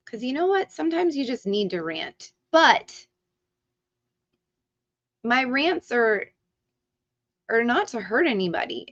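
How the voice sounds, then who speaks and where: A woman hosting a livestream who rants heatedly, swears freely and. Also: on the high side. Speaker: livestream host. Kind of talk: ranting livestream talk. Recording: dull lo-fi stream audio.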